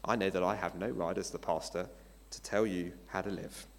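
A man's voice: sits low, steady tone, normal speed. A male pastor giving a sermon in a conversational way, asking his listeners rhetorical questions. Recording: long hall reverb.

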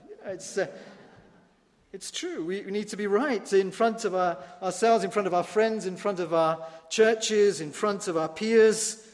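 Animated high-voiced preacher in a reverberant church. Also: male voice, measured pace. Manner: animated, rising to emphatic peaks with wry asides. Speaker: pastor. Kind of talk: sermon.

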